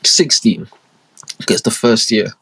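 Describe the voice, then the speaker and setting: A man's voice: on the low side, lively intonation, takes it slowly, vocal fry, pushed and bright, husky. A young man, hosting a podcast and telling long, rambling stories in casual slang, with many asides. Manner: slangy, rambling, full of asides and acted-out quotes. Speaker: podcast host. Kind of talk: casual storytelling monologue.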